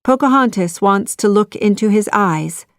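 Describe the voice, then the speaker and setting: A woman's voice: medium pitch, animated, moderate pace, no room sound, studio quality, lightly acted. A woman voicing a loyal young friend who speaks firmly and reassuringly, in a children's audiobook reading.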